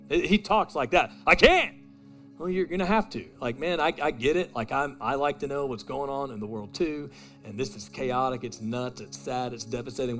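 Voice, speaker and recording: A man preaching a sermon as pastor, swinging between loud emphatic lines and quiet intimate asides, telling stories in a casual way. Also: medium pitch. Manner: casual storytelling with "man" and "dude".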